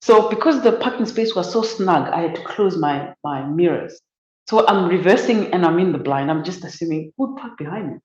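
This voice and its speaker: Animated woman telling a story. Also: fairly low pitch, normal speed, echoey room, muffled recording. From Zimbabwe. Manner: animated, acts out quoted voices. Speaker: academic guest. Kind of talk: conversational storytelling.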